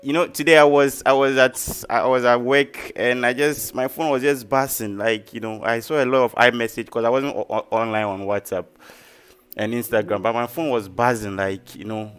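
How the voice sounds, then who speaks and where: A man's voice: mid-range voice, steady tone, moderate pace, a bit bright, clear, resonant tone. A man hosting a casual trading live stream, chatty and repeating key phrases for emphasis. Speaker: trading livestream host.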